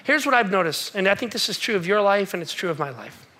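A man preaching a sermon as pastor, repeating key phrases with emphatic pauses. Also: sits high, expressive, bright, forceful tone.

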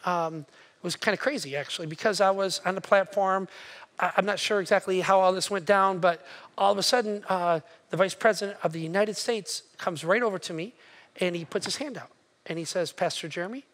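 A man's voice: high-pitched, brisk, a bit bright. A male pastor, telling a story in a sermon and acting out his own reactions. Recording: long hall reverb.

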